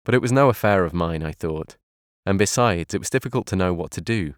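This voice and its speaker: A man narrating an audiobook in a calm, measured reading voice. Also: sits low, clear, resonant tone, no room sound, clean studio sound.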